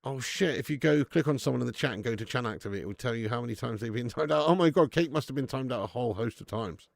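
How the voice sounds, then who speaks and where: A man hosting a football watch-along stream, swearing often and bantering with his chat in bursts of excitement. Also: mid-range voice, quick pace, vocal fry, no echo, studio quality. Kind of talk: casual live-stream chat.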